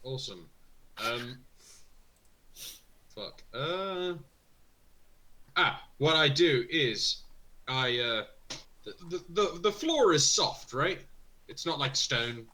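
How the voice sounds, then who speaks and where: A man's voice: mid-range voice, animated, slow pace, long pauses, pushed and bright, low-quality recording. A man playing a tabletop role-playing game in casual chat. He talks hesitantly, stammers and mocks himself. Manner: hesitant, stammering, self-mocking. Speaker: player.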